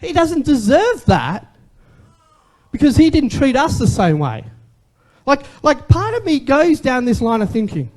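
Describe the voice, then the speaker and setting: A man's voice: extremely high pitch, sing-song, normal speed, darkish tone. A man, preaching a sermon as a pastor in a conversational way and asking the congregation questions.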